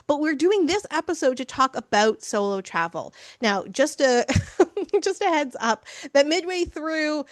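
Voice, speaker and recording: Bubbly woman podcast host, fairly high voice, dry close sound. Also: no room sound. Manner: bubbly, laughs often. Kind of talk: casual interview.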